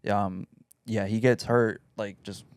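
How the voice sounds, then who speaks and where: A man's voice: lowish voice, steady tone, slow pace, smooth, dry recording, studio quality. A man in casual podcast chat, laid-back and slangy, often trailing off mid-sentence.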